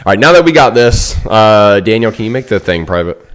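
A man's voice: lowish voice, big pitch swings, brisk. A man hosting a casual gaming stream, joking and bantering with viewers and teammates. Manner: joking, bantering, playfully bossy. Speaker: streamer host.

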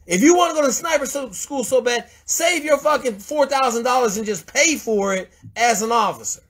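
Host, male, high and raspy, profane tough-love mentor, confrontational delivery. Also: animated, normal speed, a bit bright. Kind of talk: blunt profane mentoring rant.

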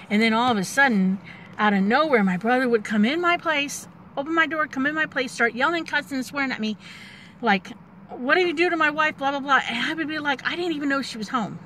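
Woman, 40s, vlogger; candid rambling storyteller, fairly high voice, faint background noise. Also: fairly bright tone. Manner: candid and rambling, with many fillers and restarts. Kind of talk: personal storytelling vlog.

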